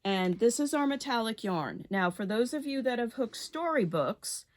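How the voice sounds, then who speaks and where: A woman's voice: fairly high pitch, animated, normal speed, no echo. A middle-aged woman teaching rug hooking, chatting through each step as she works. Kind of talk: hands-on craft demonstration.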